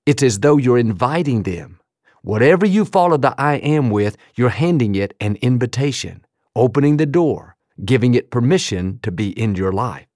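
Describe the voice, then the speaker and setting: A man delivers a sermon in an emphatic, rhythmic cadence, lingering slowly on repeated phrases. His voice sits at an ordinary middle pitch. The sound is dry and close, with no room echo. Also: lively intonation, darkish tone. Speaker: pastor.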